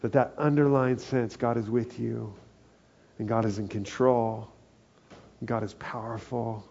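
A man's voice: medium pitch, fairly even intonation, measured pace, creaky, darkish tone, lo-fi sound, a little hiss or hum. A man preaching a sermon as pastor, earnest and building to emphatic peaks.

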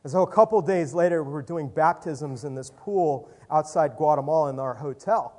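A man, a youth leader, telling a lively testimony story full of quoted dialogue. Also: fairly high pitch, moderate pace. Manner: animated, lots of quoted dialogue.

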